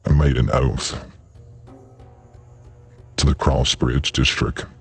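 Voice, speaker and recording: A man voicing a towering, bearded male prison warden through a deep voice changer, slow and stern. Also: fairly even intonation, breathy edge, faint music behind, heavily acted.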